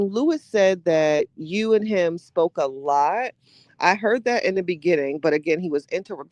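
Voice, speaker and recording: A man with a somewhat high, darkish voice and no echo hosts a casual live podcast. He reads viewer comments aloud and responds with gossipy, slangy asides and plenty of laughter, in the style of a relaxed live-stream chat.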